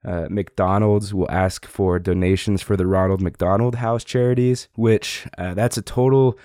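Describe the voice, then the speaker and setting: A young man hosts a podcast while sick, his voice deep, dark and strained. He talks casually and encouragingly, filling pauses with uh and you know. The recording is dry and close. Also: steady tone, no echo. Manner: upbeat, encouraging, with frequent fillers. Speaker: podcast host. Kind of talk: casual solo podcast talk.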